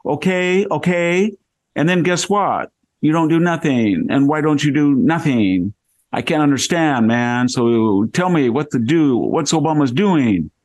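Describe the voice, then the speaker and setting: A man's voice: fairly high pitch, lively intonation, a little slow, darkish tone, dry recording, voice pushed up. A man imitating a pushy, slangy woman official as he retells an encounter. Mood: exasperated.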